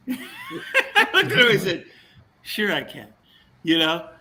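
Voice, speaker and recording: A man's voice: very high-pitched, slow pace, a little hiss or hum, rough recording. A man telling a story in casual chat, acting out what people said to him. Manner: animated storyteller, acts out quotes.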